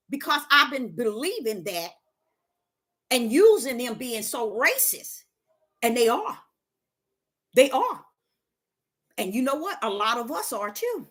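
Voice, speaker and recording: A woman, talking in a casual spiritual monologue, preachy, with sudden high exclaims and low quoted voices. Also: sing-song, a little slow, pauses often, fairly bright tone. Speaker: host.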